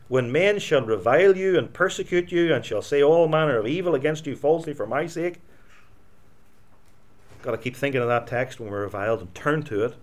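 A male pastor preaching a sermon, swinging between loud emphatic lines and quiet, low asides.

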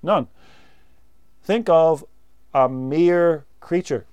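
A man preaching a sermon, teaching doctrine in a slow, measured way and repeating key words for emphasis. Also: fairly high pitch, a little mellow, smooth, no echo.

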